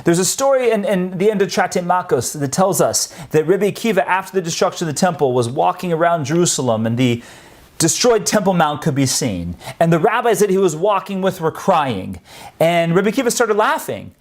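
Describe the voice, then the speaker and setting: A man's voice: high-pitched, sing-song, a little fast. A man giving a storytelling lecture on Jewish history, acting out the quotes in his stories.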